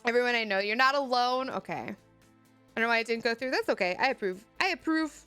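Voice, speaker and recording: A woman, chatting casually on a live stream, animated and laughing often as she answers chat. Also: fairly high pitch, fairly quick, clear, resonant tone, faint music behind.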